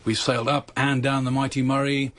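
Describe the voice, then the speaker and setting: Middle-aged zimbabwe-born guy, calm wry storyteller, mid pitch. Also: fairly quick. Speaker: company CEO. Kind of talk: casual radio chat.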